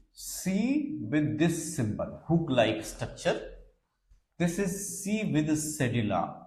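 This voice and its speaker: A man teaching beginner French in a slow lecture, explaining each word step by step and spelling some of them out letter by letter. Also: medium pitch, darkish tone, roomy sound. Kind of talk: classroom lecture.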